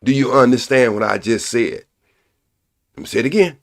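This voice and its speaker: An older man hosting a live stream, preaching bluntly and profanely, repeating his points slowly for emphasis. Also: mid-range voice, expressive, gravelly. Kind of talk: casual live-stream commentary.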